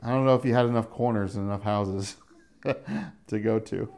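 A man's voice: lowish voice, fairly even intonation, moderate pace, gravelly, a little mellow. A middle-aged man giving casual verse-by-verse Bible teaching, talking conversationally, chuckling often and acting out the voices he quotes. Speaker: pastor teaching a Bible study.

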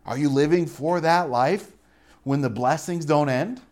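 A man preaching a casual sermon, full of rhetorical questions and offhand jokes, swinging between loud emphatic lines and quiet asides. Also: a little high, measured pace.

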